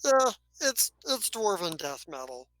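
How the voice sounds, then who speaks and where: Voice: mid-range voice, sing-song, unhurried, a bit bright, no echo, pitched above the performer's own voice. A game master voicing a blunt, often drunk woman crew member in a tabletop game, offhand and dismissive. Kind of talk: tabletop game role-play.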